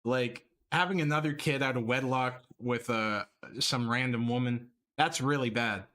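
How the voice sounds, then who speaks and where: A man's voice: mid-range voice, moderate pace, pushed and bright. A man streaming live, reacting to a video with blunt, laughing, mocking commentary.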